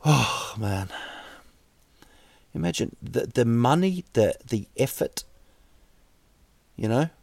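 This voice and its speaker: A man talks in an unhurried, meandering way, often stopping to restart his sentences. His humor is wry and sarcastic, and his voice sits at an ordinary middle pitch. The sound is dry and close, with no room echo. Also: animated, gravelly, a little mellow, breathy edge. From New Zealand. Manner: rambling, halting, wry and sarcastic. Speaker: podcast host. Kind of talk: comic monologue.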